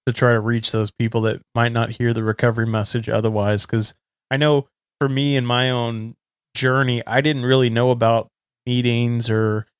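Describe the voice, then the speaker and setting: A man's voice: medium pitch, little pitch movement, moderate pace, smooth, no echo, clean studio sound. A young man hosting a recovery podcast, talking in an earnest, conversational way. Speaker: podcast host. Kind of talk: casual chat.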